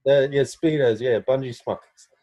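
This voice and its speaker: A man's voice: medium pitch, moderate pace, dark tone. A young Australian man with an Australian accent, chatting casually as a guest over a video call, rambling with lots of "like" and "man".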